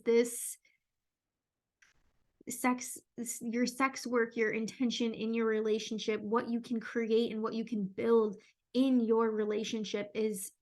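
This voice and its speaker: A woman with a slightly high voice hosting a podcast alone. She talks candidly and openly, in a loose conversational flow full of "like" and "you know". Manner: frank and open, peppered with "like" and "you know". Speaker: podcast host. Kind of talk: candid solo podcast talk.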